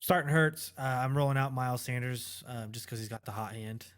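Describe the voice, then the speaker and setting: Casting note: male podcast co-host, mid-pitched, casual sports chat, opinionated with lots of "um"s. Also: fairly quick, a bit bright. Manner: opinionated, trails off into fillers.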